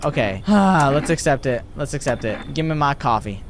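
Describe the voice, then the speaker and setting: Young male gamer, excitable, chatty, raised pitch, faint noise. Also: moderate pace, few pauses. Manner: excitable, chatty, reads game text aloud. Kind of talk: let's play commentary.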